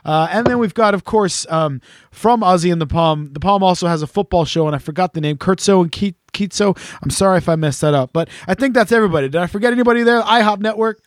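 A man's voice: high voice, quick pace, dry recording, clean studio sound. A man hosting a podcast in casual chat, rambling, joking and swearing freely. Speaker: podcast host.

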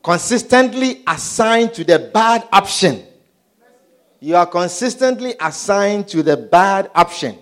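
A man preaching a sermon, animated and often asking the congregation whether they understand. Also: high voice, a little slow. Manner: animated, repeatedly asks "Do you understand?".

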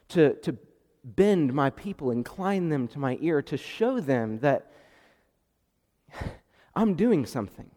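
Man preaching in an echoing hall. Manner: animated, acts out the dialogue with rising pitch and volume. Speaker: pastor. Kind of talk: sermon. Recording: long reverb of a hall.

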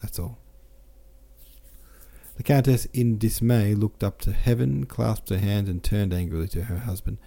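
A man narrating a classic novel as an audiobook, steady and correcting himself now and then. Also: fairly low pitch, moderate pace, vocal fry, few pauses. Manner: steady, with small self-corrections. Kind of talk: audiobook reading.

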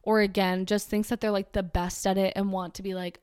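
A woman's voice: medium pitch, little pitch movement, fairly quick, darkish tone, clear, resonant tone, no room sound, clean studio sound. A woman in her twenties ranting casually and sarcastically, rambling with lots of fillers.

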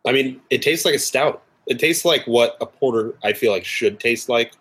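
This co-host of a drinks tasting show has a medium-pitched, husky voice with a bit of brightness and talks at normal speed. Over a casual video-call tasting chat, his explanations come out hesitant and packed with fillers.

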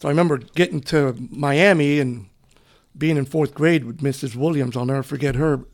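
A middle-aged man from Cuba, a retired police officer, telling his story in an interview in a relaxed, rambling way. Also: a little high, normal speed. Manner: relaxed, rambling, often says "you know". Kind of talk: conversational storytelling.

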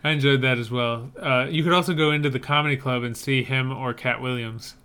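Podcast co-host, male; bright, crisp voice; easygoing and opinionated. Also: medium pitch, a little fast. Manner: opinionated, easygoing, with frequent fillers. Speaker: podcast co-host reviewing movie trailers. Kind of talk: casual chat.

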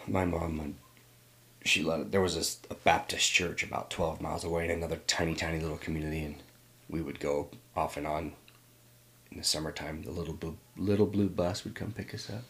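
A middle-aged man with a very deep, low voice, from Northern California. He talks reflectively in an interview, often pausing and restarting his thoughts. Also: steady tone, creaky, a bit bright.

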